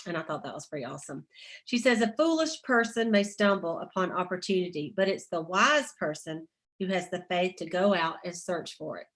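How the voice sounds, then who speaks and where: A woman's voice: on the low side, animated, a little fast, a bit bright. Chatty woman leading a motivational call. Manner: chatty, laughs often, reads quotes aloud. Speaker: sales team leader.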